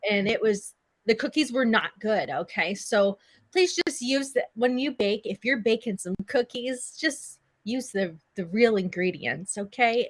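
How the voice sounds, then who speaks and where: A woman's voice: mid-range voice, a bit bright, no echo, low-quality recording. Emphatic, exasperated woman in a dry room. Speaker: live stream co-host. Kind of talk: casual chat.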